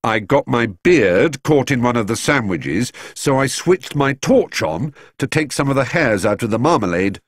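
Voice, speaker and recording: An earnest, polite young bear from a storybook, patiently explaining himself in a lifted, lively voice, as a man puts him on. The sound is dry and close. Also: medium pitch, moderate pace, hardly any pauses, breathy edge, no echo, pitched above the performer's own voice.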